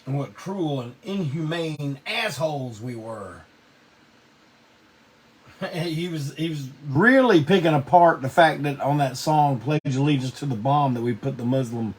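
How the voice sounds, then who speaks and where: A middle-aged man, hosting a live online show and telling stories casually, salty and quick to laugh. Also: medium pitch, darkish tone. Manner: laid-back Southern drawl, salty, laughs often. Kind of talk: casual storytelling to a live audience. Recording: distant mic with faint background noise.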